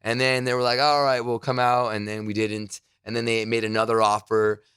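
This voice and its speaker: A man's voice: medium pitch, flat delivery, fairly quick, a bit bright, clear, resonant tone, dry recording. Man spinning loose stories in a dry studio. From New Jersey. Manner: loose storytelling with swearing and quoted asides. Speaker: podcast guest, radio host. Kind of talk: casual interview chat. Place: his broadcast studio.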